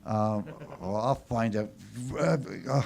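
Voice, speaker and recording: A man's voice: fairly low pitch, slow pace, darkish tone, slight background noise. A man emceeing an open mic, telling a rambling story and then introducing the next performer heartily. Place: small showroom stage.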